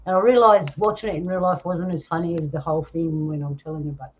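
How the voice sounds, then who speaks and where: Chatty Australian woman, lower voice. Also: steady tone, quick pace. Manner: chatty storyteller, laughs often. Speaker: host. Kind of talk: casual livestream chat. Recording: dull lo-fi sound with faint noise.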